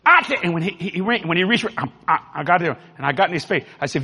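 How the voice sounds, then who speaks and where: New orleans guy preaching, high voice that swoops all over, folksy and emphatic, big echoey church. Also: animated, quick pace, pushed and bright, slightly rough. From New Orleans, Louisiana. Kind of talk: storytelling sermon. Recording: long hall reverb.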